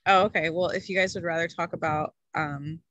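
A woman's voice: fairly low pitch, steady tone, a little fast, fairly bright tone, dry recording, dull audio. A woman leading a casual group video call as a food coach, chatty and rambling with lots of fillers, a little short of breath.

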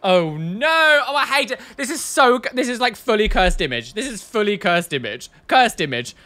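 A man's voice: high-pitched, sing-song, normal speed, bright, forceful tone. A man, a body piercer, hosting a casual reaction video in a camp, sassy, exclamatory way. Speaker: body piercer and show host.

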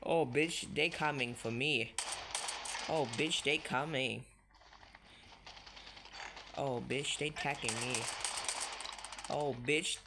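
A streamer giving live commentary on a mobile shooter, swearing constantly and breaking into excited outbursts. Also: medium pitch, slow, long pauses. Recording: noisy lo-fi recording with clicks.

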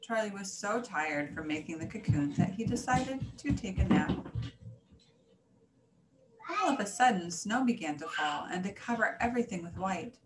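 A woman reading a children's story aloud in an animated, singsong way. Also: medium pitch, normal speed, music in the background. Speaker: story reader. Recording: echoey room, faint hiss.

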